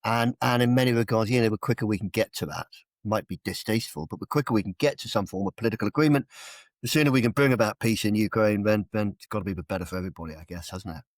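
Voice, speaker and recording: A middle-aged British man, a retired general, speaking in a low, fairly deep voice. He chats casually and keeps ending points with tag questions like "isn't it?". The sound is dry and close, with no room around it. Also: racing, no echo. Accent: British English. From England. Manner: talks in tag questions, repeats words as he starts. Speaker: retired army general, guest. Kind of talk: casual conversational interview.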